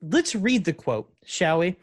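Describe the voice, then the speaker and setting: A man's voice: high-pitched, big pitch swings, unhurried, no echo, studio quality. Giggly man co-hosting a podcast. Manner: giggly, reads quotes aloud, rambling asides. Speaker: podcast co-host. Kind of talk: casual chat.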